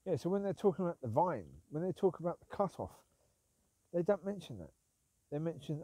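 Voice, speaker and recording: A man's voice: on the high side, very animated, a little fast, mellow, dry recording. Man musing while walking dogs. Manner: rambling, calls out to his dogs between points. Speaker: Christian talk vlogger. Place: outdoors on a walk.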